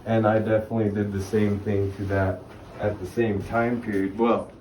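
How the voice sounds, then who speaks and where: A man's voice: fairly low pitch, little pitch movement, normal speed, darkish tone. A middle-aged man telling rambling stories with laughs and acted-out quotes as a guest speaker in a library. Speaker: guest speaker on native arts. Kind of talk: casual storytelling talk. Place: library room. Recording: echoey room, distant mic, background noise.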